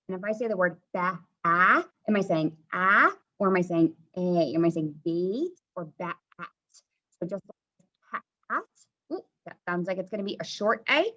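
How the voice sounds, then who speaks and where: A woman teacher slowly sounding out vowels in a phonics lesson. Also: medium pitch, fairly bright tone, muffled recording. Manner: slow, drawn-out sounding out of vowels.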